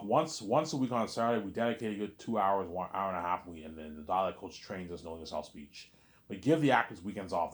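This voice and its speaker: A man with a very deep voice records a rambling late-night vlog indoors. He wanders from thought to thought, restarts his sentences and keeps repeating himself. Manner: meandering, repeats himself, says "obviously" often. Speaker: vlogger.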